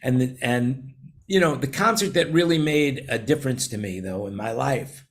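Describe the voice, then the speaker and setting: A man's voice: mid-range voice, moderate pace. A man in his sixties with a New York accent, hosting a casual roundtable chat and telling long, rambling stories with many restarts. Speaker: show host.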